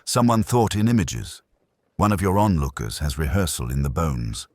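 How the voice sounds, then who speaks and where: A man voicing a practical, brisk older aristocratic woman. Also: a bass voice, sing-song, darkish tone, no echo, clean studio sound, exaggerated voice.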